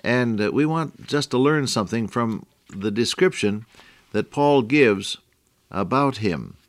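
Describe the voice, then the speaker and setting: A man's voice: mid-range voice, lively intonation, unhurried, no echo. An older man teaching the Bible on the radio in a folksy, affectionate way that often breaks into a chuckle.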